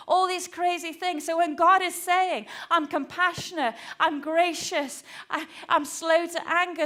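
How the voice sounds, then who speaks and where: A woman preaching a church sermon, conversational and earnest, often acting out quoted voices and sometimes dropping to a hushed tone. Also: sits high.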